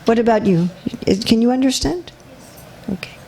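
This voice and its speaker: A woman's voice: fairly high pitch, normal speed, gravelly, dark tone, slight background noise. A woman giving a religious lecture to a live audience in a temple hall, chatty and teasing, often checking that listeners follow. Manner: light teasing humor. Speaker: visiting speaker.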